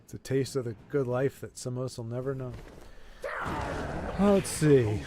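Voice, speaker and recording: A young man with a mid-range voice live-streams and commentates a card game, reacting excitedly with quick exclamations and jokey, rambling asides.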